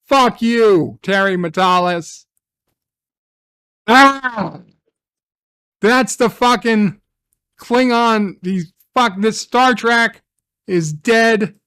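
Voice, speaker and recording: A man's voice: very high voice, a bit bright, clear, resonant tone, no room sound, studio quality. A man ranting in an angry review, swearing constantly and venting his frustration.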